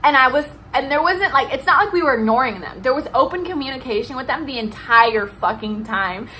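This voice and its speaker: A woman's voice: on the high side, sharp tone, slight background noise, rough recording. A young woman venting in a heated, profane rant to her vlog viewers. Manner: heated, profane, emphatic ranting. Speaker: vlogger. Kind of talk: ranting vlog.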